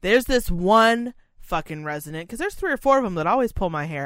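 A woman tells animated, profanity-laced stories in casual chat. The sound is close and dry, with no room around her. Her pitch sits in a middle range. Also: brisk, no room sound.

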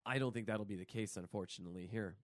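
A man hosting a casual movie news show, excitable and rambling, with plenty of fillers and asides. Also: fairly low pitch, fast, dry recording, clean studio sound. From New York. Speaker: podcast host.

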